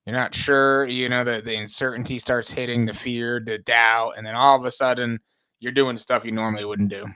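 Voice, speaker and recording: A man co-hosting, talking through trading stress in a relaxed conversational way. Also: mid-range voice, moderate pace, clean tone, dry recording, low-quality recording. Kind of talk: casual chat.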